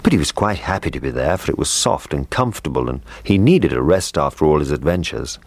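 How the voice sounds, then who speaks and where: Male storybook narrator, very deep, expressive swings. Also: a little fast, dry recording. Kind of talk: storybook reading.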